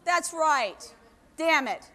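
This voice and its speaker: A woman giving a lively motivational talk to a live audience, telling stories and asking the crowd questions. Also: high-pitched, drawn-out words, a little hiss or hum. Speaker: keynote speaker. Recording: long hall reverb.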